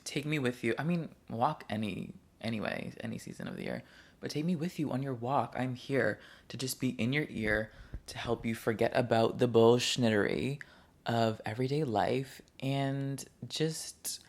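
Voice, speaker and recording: A man's voice: medium pitch, very animated, normal speed, vocal fry. A young man hosting his own podcast from his couch at home, chatting casually and rambling from one topic to the next. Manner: rambling, chatty, easily sidetracked. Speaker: podcast host. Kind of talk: casual solo podcast chat. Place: living room couch at home.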